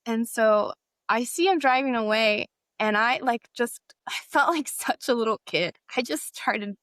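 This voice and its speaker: A woman's voice: fairly high pitch, unhurried, a bit bright, no echo. A young woman from Texas, a guest in an interview, tells her personal story in a casual way. She speaks loosely, with lots of "like", and acts out bits of past dialogue. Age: young adult.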